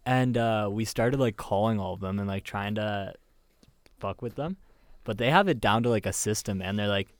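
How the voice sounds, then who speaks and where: A man's voice: lowish voice, moderate pace, dry recording. A man, co-hosting a casual podcast and telling jokey stories with casual swearing. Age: 20s. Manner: storytelling, joking, swearing. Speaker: podcast co-host. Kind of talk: casual chat.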